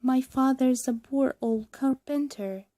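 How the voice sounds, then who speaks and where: An eager, brave puppet boy performed by a woman speaks in an earnest, pleading storybook voice. His lines climb high and are spoken slowly. The sound is mellow and dry. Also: no room sound.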